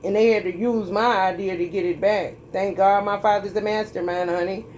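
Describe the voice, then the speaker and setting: A woman's darkish, medium-pitched voice stays fairly even in intonation at a moderate pace, with a little background noise behind it. She gives a tarot reading as an impassioned, preachy monologue laced with profanity, drawling emphatically at the people watching.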